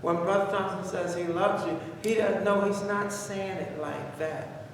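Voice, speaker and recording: High-voiced man teaching in an echoey church. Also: a little slow, distant mic, a little hiss or hum. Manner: conversational, repetitive, exhorting. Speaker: Bible study teacher. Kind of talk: Bible study teaching. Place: church room. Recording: echoey church room heard from afar.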